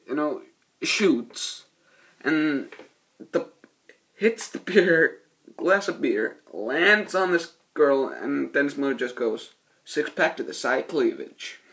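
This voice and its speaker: A man's voice: medium pitch, vocal fry, fairly bright tone. A man giving a rambling, profane, laid-back spoken movie review. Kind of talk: casual spoken film review.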